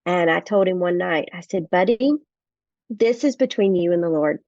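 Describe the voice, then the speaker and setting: A woman's voice: lowish voice, moderate pace, a little mellow, no echo, muffled recording. A middle-aged woman, a guest author, telling family stories in earnest in a podcast interview and acting out the dialogue.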